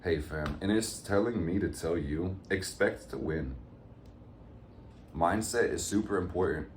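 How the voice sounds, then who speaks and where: A man's voice: sits low, measured pace, reverberant, slight background noise. A man giving a casual, upbeat tarot reading to his viewers, full of motivational pep talk. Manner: upbeat, motivational, addresses viewers as fam and gang. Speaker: tarot reader.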